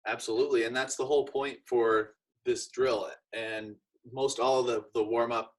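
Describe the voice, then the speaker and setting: A man chatting casually as he explains and demonstrates arm training drills, with relaxed everyday examples. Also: mid-range voice, normal speed, poor audio. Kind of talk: casual instructional chat.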